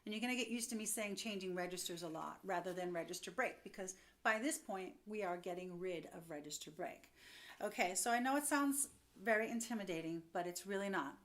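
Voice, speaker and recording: A young woman giving a singing lesson, upbeat and chatty, explaining as she goes. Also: mid-range voice. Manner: upbeat, explains with quick demos and laughs. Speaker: vocal coach.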